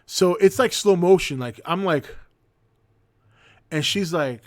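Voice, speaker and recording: A man's voice: high-pitched, slow pace, dry recording, studio quality. Profane storytelling man in his forties. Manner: profane, animated anecdote telling. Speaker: host. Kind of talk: casual storytelling on a livestream.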